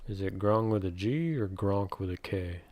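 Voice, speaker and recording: Low-voiced man questioning as a game player. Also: normal speed, noisy background. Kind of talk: casual tabletop game chat. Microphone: computer mic over online voice chat.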